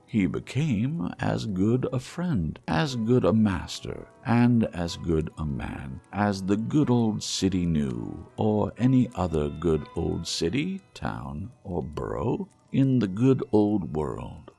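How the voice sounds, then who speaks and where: A deep, gravelly male narrator reading a classic tale at an unhurried pace. His delivery swings widely in pitch and dips into hushed asides, with faint music underneath. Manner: expressive, shifting to hushed asides. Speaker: audiobook narrator. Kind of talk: storybook reading.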